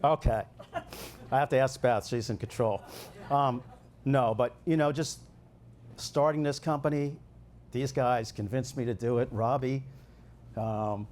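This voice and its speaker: A man's voice: medium pitch, a little mellow, a little hiss or hum. Older man giving a rambling thank-you. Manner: rambling, emotional, laughing often. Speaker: award recipient. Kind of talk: off-the-cuff thank-you speech. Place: event venue.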